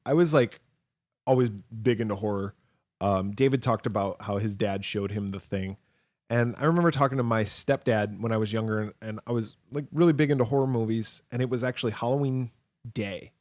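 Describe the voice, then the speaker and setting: A man's voice: mid-range voice, fairly quick, a little mellow, dry recording. Dry-sounding man, rambling jokey podcast host. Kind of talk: casual chat.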